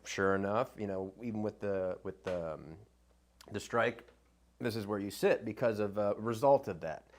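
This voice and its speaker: Guy with a lowish voice rambling thru a story on a podcast, gets lively quoting himself. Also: moderate pace. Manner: animated when quoting himself, rambling with fillers. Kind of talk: casual storytelling chat.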